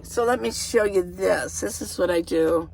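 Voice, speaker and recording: A woman's voice: lowish voice, normal speed, creaky, noisy background. A middle-aged woman vlogger chatting casually and rambling as she shows the inside of her minivan, with a camera held in her hand. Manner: chatty, rambling, laughs often.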